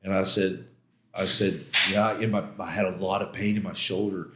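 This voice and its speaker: In a low-pitched, flat delivery at a moderate pace, a middle-aged man shares a personal story as a podcast guest, retelling it intensely and emotionally with casual slang and many quoted exchanges and restarts. There is background noise, and the room gives a roomy echo.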